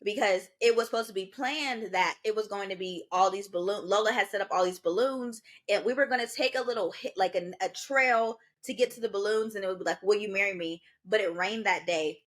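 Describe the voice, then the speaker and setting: A young woman co-hosting a podcast tells a story in casual conversation, moving fairly quickly and barely pausing. She's in her twenties, with a medium-pitched voice, and she animatedly acts out the quoted voices.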